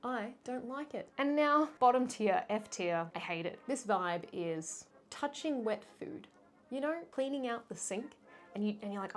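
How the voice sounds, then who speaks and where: A young woman vlogger chatting casually, playful and self-mocking, with animated asides. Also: medium pitch, moderate pace, faint music behind. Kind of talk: casual chatty fashion ranking.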